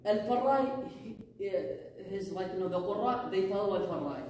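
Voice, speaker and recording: Recorded from far off in a heavily echoing room, a woman teaches Quran recitation at a normal pace, her medium-pitched voice darkish with lively intonation. She explains the rules patiently, drills Arabic phrases aloud and checks in with "huh?"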